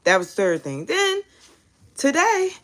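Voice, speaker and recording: A young woman hosting a tarot live stream, chatting casually and telling animated stories with casual cursing. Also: high-pitched, measured pace. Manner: chatty, animated storyteller who curses casually.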